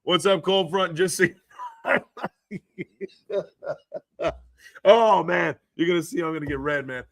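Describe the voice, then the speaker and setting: A hoarse man hosting a casual live stream about football news, excitable and laughing often as he reads the chat aloud. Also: a little high, takes it slowly, dry recording, studio quality. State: hoarse from screaming.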